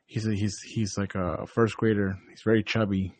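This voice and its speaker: A man's voice: lowish voice, level tone, normal speed, dry recording. A man co-hosting a podcast who works as a school coach, joking around and swearing freely in casual chat.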